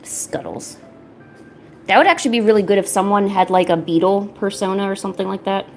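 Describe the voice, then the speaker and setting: A woman's voice: medium pitch, fairly even intonation, quick pace, slight background noise. Playful woman cooing at her cats. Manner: teasing, chatty, laid-back. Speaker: art streamer. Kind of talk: casual chat while painting. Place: at home.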